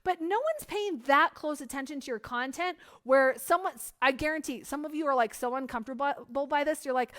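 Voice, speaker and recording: Upbeat lady coach talking sales, highish voice, acts out little bits, says like a lot. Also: brisk. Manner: energetic, acts out hyped voices, many "like" fillers. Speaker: business coach. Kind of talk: motivational teaching talk.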